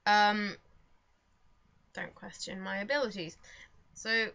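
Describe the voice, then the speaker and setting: A woman's voice: mid-range voice, steady tone, slow pace, creaky, pushed and bright, clear, resonant tone. A young woman vlogging in casual chat at home, rambling and self-mocking with lots of fillers. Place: home room. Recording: dull lo-fi home recording.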